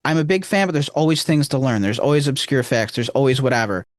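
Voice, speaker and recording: A man with a Rochester accent co-hosting a podcast, talking in a rambling, earnest way with emphatic swings in pitch. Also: expressive, fast talker, dry recording, clean studio sound. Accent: Rochester, New York. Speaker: podcast co-host. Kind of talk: casual chat.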